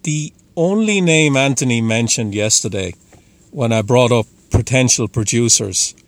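A man's voice: mid-range voice, a little slow. A male interviewer asking detailed, probing questions.

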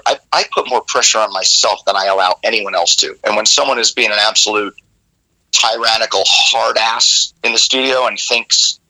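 A rock singer in an interview, telling rambling, animated stories with many restarts. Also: male voice, mid-range voice, poor audio. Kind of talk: casual interview storytelling.

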